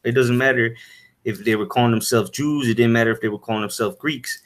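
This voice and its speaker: A man giving an informal Bible lesson, halting with many fillers and "all right?" tags, and reading verses aloud in old-fashioned wording. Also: medium pitch, steady tone. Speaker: Bible teacher. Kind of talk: informal scripture teaching.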